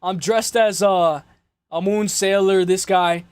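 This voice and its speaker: High-voiced man rambling on a livestream. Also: fairly even intonation, takes it slowly, clean tone, dry recording. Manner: rambling, slangy, repeats "guys" often. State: voice worn out. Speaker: livestream host. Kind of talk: casual livestream chat.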